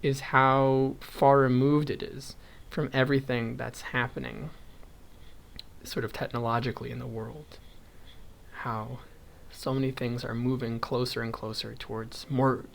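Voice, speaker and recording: A man's voice: medium pitch, level tone, moderate pace, gravelly. A young man in casual chat, thinking aloud and going off on tangents as he crochets, with frequent chuckles. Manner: rambling, goes off on tangents; chuckles often, thinks aloud while counting stitches. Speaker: vlogger.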